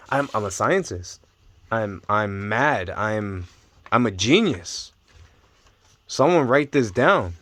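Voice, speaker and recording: A young man vlogging casually about his card collection, talking in excitable bursts and repeating his amazement. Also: on the low side, takes it slowly, long pauses, dry recording. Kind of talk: casual unboxing chat.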